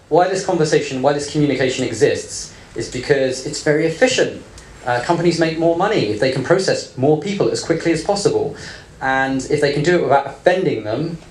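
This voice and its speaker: A man's voice: mid-range voice, a little hiss or hum. Blunt, playful man in his thirties. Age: 30s. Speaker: panel speaker. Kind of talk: live panel talk. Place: event room with audience. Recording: echoey room, faint ambience.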